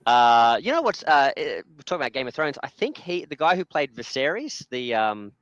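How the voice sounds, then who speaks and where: A man's voice: mid-range voice, sing-song, brisk, fairly bright tone, no echo, highs cut off. A man hosting a casual chat, rambling with many fillers and restarts. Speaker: podcast host.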